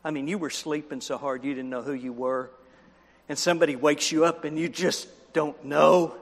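A man's voice: on the high side, steady tone, moderate pace, vocal fry. A man preaching a children's sermon, telling a story with animation, acting out the characters and asking the listeners questions. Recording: long hall reverb.

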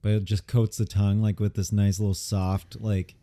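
A man's voice: on the low side, flat delivery, moderate pace, mellow. A man co-hosting a casual podcast, tasting beer and chatting enthusiastically with friends, often restarting his sentences. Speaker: podcast co-host.

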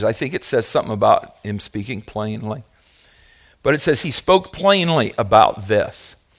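A man preaching a sermon as pastor, moving from quiet asides to loud, fervent passages and asking the congregation questions. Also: mid-range voice, gravelly. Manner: talks directly to the congregation with questions.

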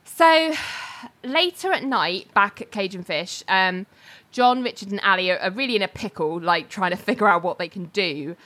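A woman's voice: mid-range voice, lively intonation, moderate pace, pushed and bright. Woman co-host retelling an episode in loose, chatty, giggly storytelling. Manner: chatty storytelling, many fillers, frequent laughter. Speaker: podcast co-host recapping a TV episode. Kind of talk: casual chat.

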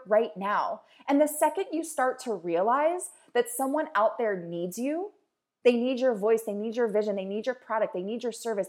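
A woman's voice: fairly high pitch, darkish tone. Emphatic woman giving a pep talk. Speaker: podcast host. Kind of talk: motivational podcast monologue.

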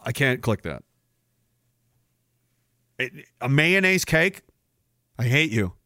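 A middle-aged man hosting a livestream podcast, reading chat messages aloud and riffing on them in a profane, mocking way with loud, shouted bits. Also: mid-range voice, very animated, slow, no room sound, clean studio sound. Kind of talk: casual profane livestream banter.

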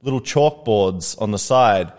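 A podcast co-host tells a story in casual conversation, speaking a little slowly in a lowish voice. He's animated and acts out the voices of the people he quotes.

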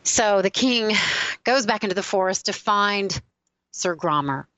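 A woman giving a spiritual talk, retelling a legend in a lively storytelling manner. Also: mid-range voice, no echo, muffled recording. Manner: animated storyteller, switching quickly between characters. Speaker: spiritual speaker.

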